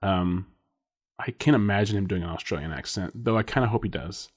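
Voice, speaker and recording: A man's voice: sits low, a little fast. A man co-hosting a casual podcast chat, rambling and speculating with frequent laughs and restarts. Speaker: podcast co-host.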